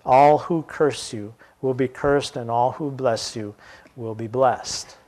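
A man reading aloud, voicing an old blind father who pronounces a blessing in a solemn, measured way. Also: medium pitch, a little mellow, natural voice.

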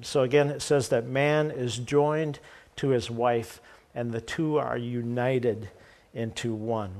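Speaking at medium pitch, a pastor delivers a sermon by reading a scripture passage aloud and then explaining it in a relaxed way, tossing in jokes and asides for the congregation.

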